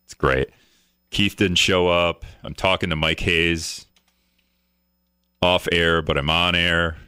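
A man's voice: low voice, fairly even intonation, slow, pushed and bright, clear, resonant tone, no echo. A man hosting a casual talk radio show from a studio, rambling and joking at his own expense. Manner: rambling, joking, self-mocking. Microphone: studio microphone.

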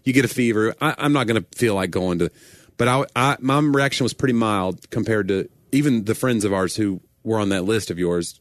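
A man's voice: fairly low pitch, brisk, dry recording. Joking man in his forties, dry. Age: 40s. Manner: joking, chatty, trails off searching for words. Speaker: podcast co-host. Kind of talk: casual podcast chat.

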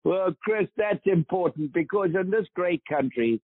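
This veteran golfer, a man in his eighties with a South African accent, joins a phone interview as a guest and speaks emphatically, like he's preaching. His voice is high with lively intonation, and he doesn't hurry. There's no echo; the line sounds tinny and dry.

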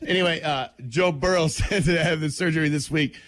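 A man's voice: fairly high pitch, fairly quick, fairly bright tone, no room sound. A man co-hosting a radio show, reading sports news in a laid-back way and laughing often. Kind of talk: casual radio banter. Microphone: studio mic.

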